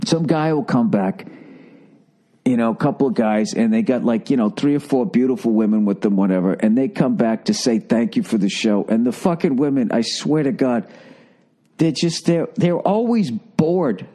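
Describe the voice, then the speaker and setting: A man's voice: medium pitch, mellow. A middle-aged man hosting a podcast, ranting with exasperated, profane comic energy. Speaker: podcast host. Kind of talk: comedic rant.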